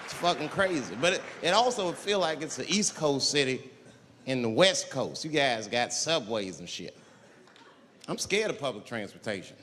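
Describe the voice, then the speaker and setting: A man's voice: mid-range voice, big pitch swings, moderate pace, a little hiss or hum. Profane stand-up man in a big hall. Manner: profane storytelling, acting out characters with yelled voices. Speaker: stand-up comedian. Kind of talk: stand-up comedy routine. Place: large theater stage. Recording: live show in a large hall with crowd. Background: audience laughter.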